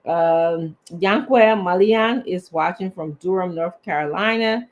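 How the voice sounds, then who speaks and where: A man's voice: high-pitched, slow, highs cut off. A man, co-hosting a live show and reading out viewers' names, sometimes stumbling over them. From Liberia. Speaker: co-host.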